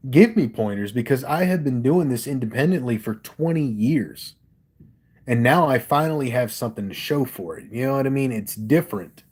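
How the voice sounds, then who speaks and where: A man's voice: medium pitch, a little mellow. A man from Delaware hosting a casual livestream, talking candidly and with lots of swearing about his music into a studio microphone. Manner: candid, profane, emphatic. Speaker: livestream host and rapper.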